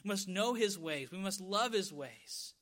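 A male pastor delivers a sermon. His voice sits high and sounds bright and forceful, and he slows right down on the words he wants to land. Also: animated. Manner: emphatic preaching, stretches key words slowly for stress.

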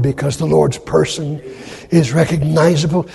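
A man preaching a sermon in a dramatic way, acting out quoted speech in loud, high bursts. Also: takes it slowly, gravelly, breathy edge. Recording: long hall reverb.

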